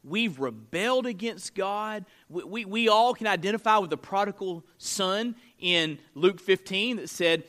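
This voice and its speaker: A man's voice: high voice, very animated, normal speed, hardly any pauses, a bit bright. A male pastor preaching a sermon to a live congregation. He speaks emphatically and conversationally, often checking in with "right?". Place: church room with a live congregation.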